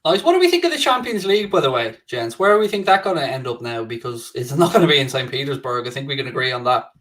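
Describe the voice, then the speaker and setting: A man's voice: medium pitch, big pitch swings, fast, a bit bright. A man co-hosting a casual football podcast, teasing the others and laughing. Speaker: podcast co-host.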